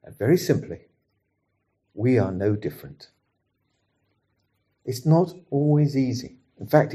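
Male preacher giving a sermon, slow and deliberate, warm mellow tone, earnest scripture reading. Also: medium pitch, slightly rough. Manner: measured, earnest delivery, reading scripture and leading prayer.

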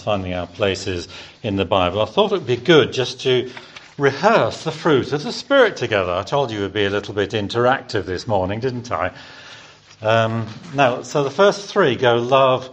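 A man with a lowish voice, lively intonation and a moderate pace preaches a sermon in church. He quizzes the congregation and has them repeat words after him, and there's slight background noise.

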